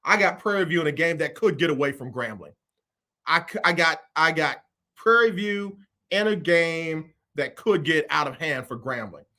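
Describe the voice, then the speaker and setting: A man hosting a casual sports talk show, running through his football picks in a lively way and repeating his phrases. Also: fairly high pitch, moderate pace. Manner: animated, repeats phrases, Southern US Black vernacular.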